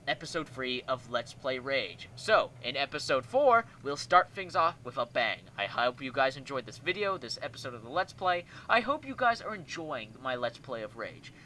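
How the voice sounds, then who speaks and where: A man hosting a let's play, giving excitable, joking gameplay commentary and talking back to enemies. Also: on the high side, normal speed, slight background noise.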